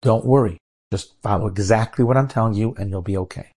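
A calm, seasoned air traffic controller, put on by a man telling a story talks in a low, warm, slightly husky voice. He gives firm, measured instructions and never sounds rushed. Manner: steady, measured, reassuring instructions.

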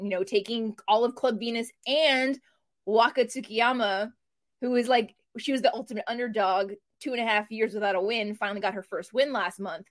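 A woman co-hosting a wrestling podcast, telling match backstories in an animated, casual way with frequent fillers. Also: fairly high pitch. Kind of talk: casual preview chat.

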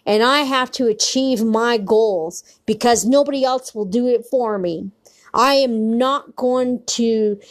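A woman delivering an angry, blunt, profane personal rant as a solo podcaster. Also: a little high.

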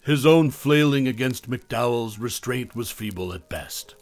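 A man's voice: medium pitch, lively intonation, unhurried, faint music behind. Man narrating a horror story.

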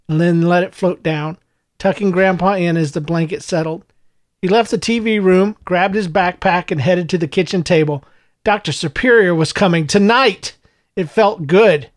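Male storyteller, fairly high voice, dry close sound. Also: no room sound. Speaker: narrator. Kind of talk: audiobook narration.

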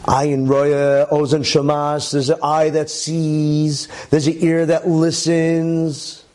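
Man telling a lively religious story. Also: fairly high pitch, slow. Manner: lively, chatty asides with many okays. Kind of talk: animated storytelling talk.

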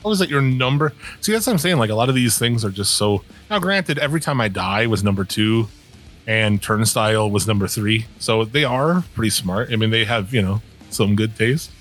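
A man with a fairly low voice talks in loose, profane podcast banter, blunt and sure of his opinions. Faint music plays quietly underneath. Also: animated, normal speed. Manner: blunt, opinionated, swears a lot. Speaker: podcast co-host. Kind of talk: casual profane chat.

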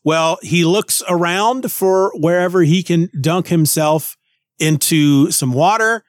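A male podcast host recaps a comic book in a loose, chatty way. He often restarts his sentences as he thinks aloud. His voice sits a bit high, and the sound is dry and close. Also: takes it slowly, no echo. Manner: rambling, many restarts.

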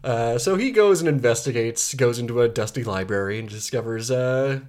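A man's voice: medium pitch, moderate pace, darkish tone. A man co-hosting a podcast, recapping a film in casual chat with wry jokes and frequent laughter. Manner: wry, joking, laughs often. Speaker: podcast co-host.

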